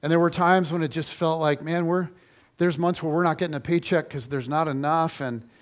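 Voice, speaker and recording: A middle-aged male pastor preaching a sermon, telling stories with lively repetition for emphasis. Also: a little high, fairly quick. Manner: animated storytelling, repeats phrases for emphasis.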